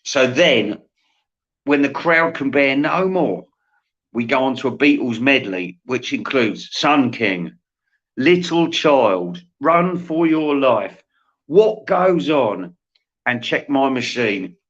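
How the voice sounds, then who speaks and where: A man's voice: medium pitch, lively intonation, slow, a bit bright. A man host rambling through a satirical comic monologue, laughing at his own jokes. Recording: dull lo-fi sound.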